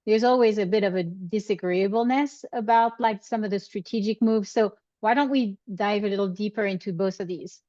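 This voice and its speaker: A woman's voice: medium pitch, a little fast, few pauses, warm tone, no echo, dull audio. A woman hosting a podcast interview, thinking aloud with many restarts as she puts her ideas into words. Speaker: podcast host.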